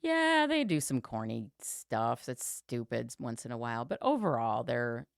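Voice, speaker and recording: Gravelly-voiced woman, chatty and rambling. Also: a bass voice, sing-song, a little slow, no echo, studio quality. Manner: rambling, full of ums and likes. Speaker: podcast co-host. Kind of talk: casual sports chat.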